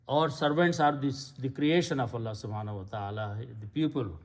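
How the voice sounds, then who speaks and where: A man's voice: mid-range voice, a little fast, few pauses. A man giving a patient, step-by-step lecture on Arabic grammar and vocabulary. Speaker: Quran Arabic teacher. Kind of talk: slow explanatory lecture.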